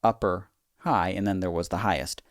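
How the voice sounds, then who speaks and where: A man's voice: deep voice, fairly even intonation, normal speed, no room sound, studio quality. A man co-hosting a comedy podcast, telling a rambling, profane story full of filler words. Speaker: podcast co-host.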